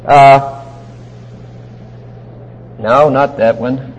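A man teaching the Bible verse by verse in a deliberate, emphatic way. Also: medium pitch, fairly even intonation. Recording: long hall reverb.

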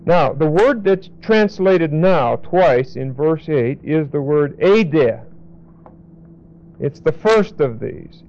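A man teaching a Bible lesson verse by verse, deliberately repeating and spelling out key words. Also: a little high, lively intonation. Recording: dull lo-fi recording.

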